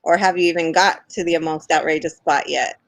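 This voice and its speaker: A podcast host in casual chat, upbeat and full of quick affirmations. The voice is mid-pitched and sits in a dry, dead space. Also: fairly even intonation, gravelly, a bit bright, dry recording.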